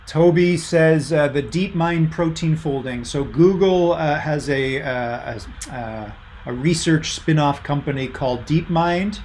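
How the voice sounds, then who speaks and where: A man's voice: a little high, measured pace, a little mellow, slight background noise. A middle-aged man giving a university lecture over a video call, in a casual way with many fillers, reading out student answers from the chat. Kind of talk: online lecture.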